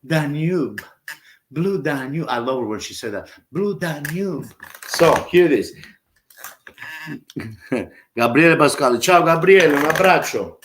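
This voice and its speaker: A man's voice: fairly high pitch, expressive, measured pace, long pauses, fairly bright tone, slight background noise. Chatty man teaching drums. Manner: chatty, scats drum patterns aloud. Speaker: drum teacher. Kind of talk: live online drum lesson. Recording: roomy, with drumming behind.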